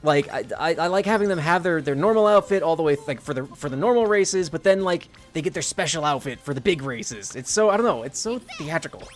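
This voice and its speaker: Chatty male streamer, very expressive pitch, giggly, faint chiptune bed. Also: brisk, few pauses, faint music behind. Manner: chatty, animated, giggly, swears casually. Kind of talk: casual gameplay commentary.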